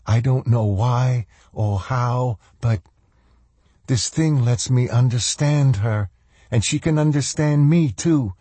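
A man's voice: medium pitch, slow pace, mellow, slightly rough, no room sound, voice pushed up. A man reading a novel aloud, voicing a blunt, tough-talking woman in a raised voice. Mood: urgent.

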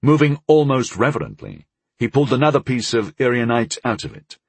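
Husky low-voiced man reading a fantasy audiobook, lively delivery, dry close mic. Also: brisk, dry recording. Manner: expressive storytelling. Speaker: audiobook narrator. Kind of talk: first-person fantasy audiobook narration.

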